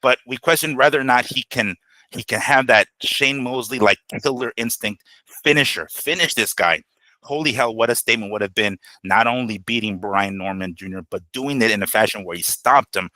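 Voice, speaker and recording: A man co-hosting a boxing talk show, giving animated, profane fight analysis and acting out quotes. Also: medium pitch, normal speed, no echo.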